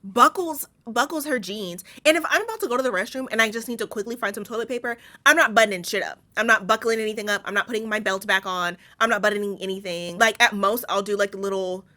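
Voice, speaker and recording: A woman's voice: mid-range voice, quick pace, hardly any pauses, sharp tone. A woman hosting a casual movie recap, blunt and sarcastic, swearing freely as she retells the plot.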